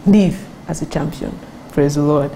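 Animated woman preacher. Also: unhurried, vocal fry, slight background noise, rough recording. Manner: animated storytelling, acts out quotes with rising pitch. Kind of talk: sermon.

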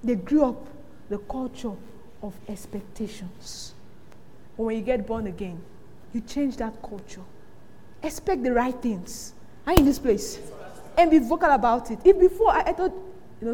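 A high-voiced woman preaches in a hall with a long, ringing reverb. She tells stories in lively bursts and acts out the voices of the people she quotes. Her delivery swings between hushed asides and loud punchlines. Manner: animated storytelling, acting out quoted voices, frequent laughter. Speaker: pastor. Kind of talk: sermon.

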